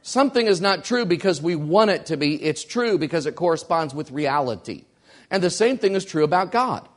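A man's voice: a little high, expressive, a little fast. A man preaching a sermon as pastor, emphatic and repeating key lines for weight.

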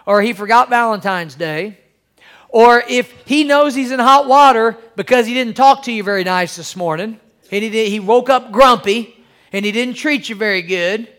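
A male pastor with a very high, slightly bright voice preaches a sermon directly to his congregation. He repeats phrases for emphasis and calls out for amens.

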